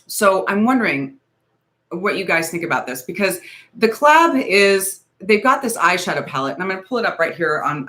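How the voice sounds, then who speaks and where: A woman's voice: deep voice, a bit bright. A woman in her forties hosting a casual beauty livestream, talking in a nervous, rambling, hedging way. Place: home, ring light.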